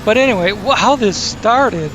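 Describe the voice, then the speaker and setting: A man's voice: high voice, lively intonation, moderate pace. A man hosting his gaming channel, rambling through gameplay commentary with self-corrections and crude asides. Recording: game vehicle engine noise underneath.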